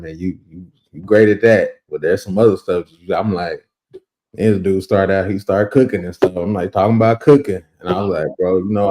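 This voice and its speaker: A man's voice: sits low, warm tone. A man hosting a casual interview, asking loose, enthusiastic, rambling questions full of slang. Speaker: interview host.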